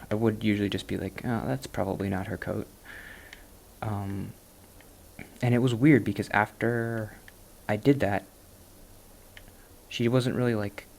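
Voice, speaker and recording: A man's voice: fairly low pitch, creaky, darkish tone. A man chatting casually while he plays, rambling and self-deprecating. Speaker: gaming vlogger.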